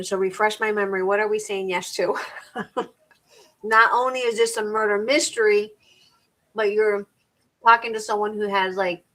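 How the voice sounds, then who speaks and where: In poor-quality audio, a middle-aged woman chats casually while crafting on her live stream, reading measurements aloud and rambling with repeated and restarted words. Her mid-range voice sounds pushed and bright.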